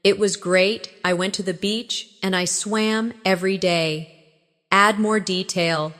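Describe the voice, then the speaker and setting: A woman teaching an English shadowing lesson, calmly modelling short phrases for listeners to repeat. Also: mid-range voice, a little slow, big-room sound. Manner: calm, clear modelling of phrases for repetition. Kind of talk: slow shadowing practice lesson.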